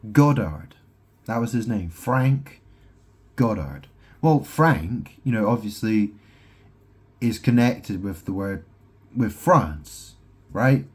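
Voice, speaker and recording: This husky, medium-pitched man records a meandering solo vlog at home in his house, drifting through puns and wordplay and asking "right?" again and again.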